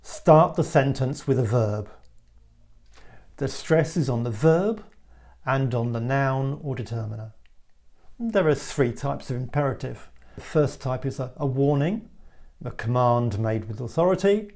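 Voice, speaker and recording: A man teaching a spoken English lesson, explaining word stress clearly and acting out example sentences. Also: mid-range voice, a little slow, a little mellow.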